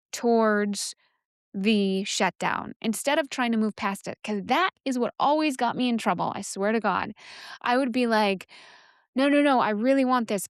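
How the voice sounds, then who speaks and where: A woman's voice: fairly high pitch, no echo, clean studio sound. A woman who teaches sexuality, explaining a step-by-step inner process in a frank, candid way, often restarting her sentences. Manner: frank, thinks aloud, many restarts and fillers. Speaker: sexuality educator and podcast host.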